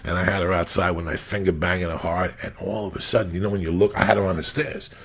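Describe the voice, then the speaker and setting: A man's voice: deep voice, steady tone, fast. A man telling crude stories in a casual chat, swearing constantly and acting out the voices of people he quotes. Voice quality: gravelly, husky. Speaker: comedian storyteller.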